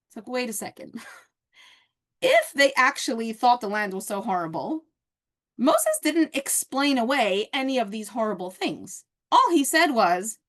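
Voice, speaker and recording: Animated woman teaching Torah lesson. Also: fairly high pitch, unhurried. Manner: animated, conversational, acts out quotes. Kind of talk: casual lecture.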